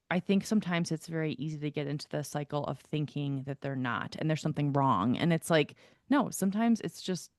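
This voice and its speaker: A woman co-hosting a casual podcast, rambling through an anecdote with lots of "like"s. Her voice sits a bit low for a woman. The sound is dry and close, with no room around it. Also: darkish tone, no room sound. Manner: chatty storyteller, filler-heavy "like". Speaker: podcast co-host.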